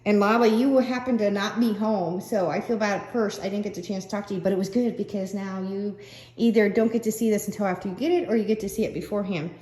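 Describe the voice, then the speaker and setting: A woman's voice: mid-range voice, fairly even intonation, fast talker, darkish tone. Older woman, rambling craft chat, laughs a lot, roomy echoey sound. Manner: chatty, laughs often, trails off with fillers. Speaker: craft vlogger. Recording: roomy echo.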